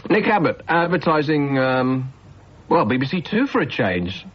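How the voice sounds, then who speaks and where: Male late-night radio host, husky, sarcastic and teasing, on a dull old radio recording. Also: medium pitch, big pitch swings, moderate pace. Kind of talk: late-night phone-in banter. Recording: dull 1990s radio broadcast.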